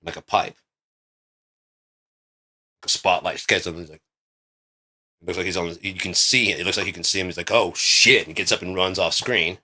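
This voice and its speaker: Deep-voiced man rambling excitedly. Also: a little fast, long pauses. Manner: rambling, profane, excitable storytelling. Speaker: vlogger. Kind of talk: casual rambling monologue.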